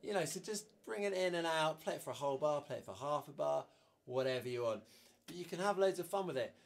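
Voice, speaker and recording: A man's voice: fairly high pitch, expressive, fast talker, gravelly, a little hiss or hum. Man teaching drums, counting beats aloud. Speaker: drum teacher. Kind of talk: instructional drum lesson.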